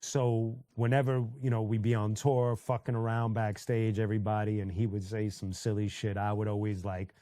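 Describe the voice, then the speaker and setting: A man's voice: fairly low pitch, level tone, moderate pace, few pauses, dark tone, smooth, no room sound. Laid-back man hosting a music stream. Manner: laid-back, loose, full of fillers and restarts, greets chatters by name. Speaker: livestream host reading chat. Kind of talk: casual chat.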